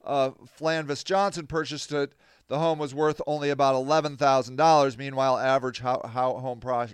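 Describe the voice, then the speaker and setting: A man's voice: on the high side, fairly bright tone, clear, resonant tone, no room sound, studio quality. A man hosting a podcast, reading news aloud and commenting on it in a casual, emphatic way. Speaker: podcast host.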